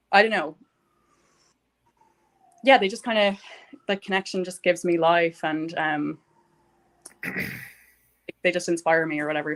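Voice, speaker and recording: A young woman talking warmly about gratitude in a casual conversation, rambling with many fillers. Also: on the low side. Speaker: guest.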